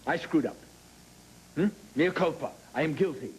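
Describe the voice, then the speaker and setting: An actor playing a cool, patronizing father who tries to calm his angry daughter in a daytime soap. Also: fairly high pitch, normal speed, rough recording. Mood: placating, cool. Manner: smooth, placating and patronizing. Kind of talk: 1990s daytime soap acting.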